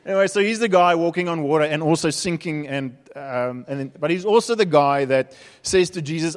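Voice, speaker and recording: A man's voice: a little high, fairly quick, hardly any pauses. A man with a South African accent preaching a sermon, telling stories in a conversational, humorous way. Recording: reverberant hall.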